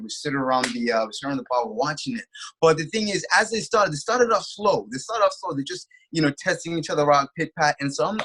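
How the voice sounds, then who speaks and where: Husky man recapping a fight animatedly. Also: mid-range voice, low-quality recording. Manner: animated storytelling, many filler phrases. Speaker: co-host. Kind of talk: casual fight recap chat.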